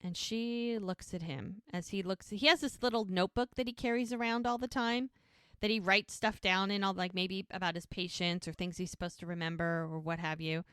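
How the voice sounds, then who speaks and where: A woman's voice: mid-range voice, steady tone, moderate pace, fairly bright tone, clear, resonant tone, no echo, clean studio sound. A woman co-hosting a podcast, chattily retelling a TV episode with lots of fillers and feeling. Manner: chatty storyteller, emotional, many fillers. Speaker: podcast co-host. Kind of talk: casual chat recapping a TV episode.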